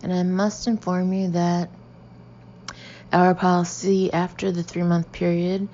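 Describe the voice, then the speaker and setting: A woman voicing a posh, smooth-talking male store manager, measured and coolly formal. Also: lowish voice, flat delivery, dark tone, lo-fi sound, slight background noise, close to an everyday voice.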